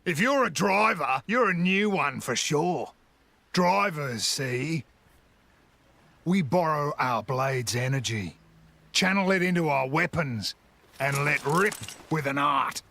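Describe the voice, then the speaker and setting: An actor playing a gruff, swaggering middle-aged male mercenary leader with an Australian accent in a video game. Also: on the high side, animated, slow, pushed and bright, exaggerated voice. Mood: explaining. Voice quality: gravelly, taunting drawl. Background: game music.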